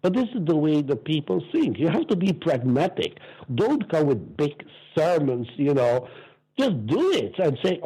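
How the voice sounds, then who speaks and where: Older man, mellow husky tone, fairly high pitch, very expressive storyteller. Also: normal speed, rough recording. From Belgium. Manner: lively, acts out quoted voices, laughs often. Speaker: interview guest. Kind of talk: animated anecdotal storytelling.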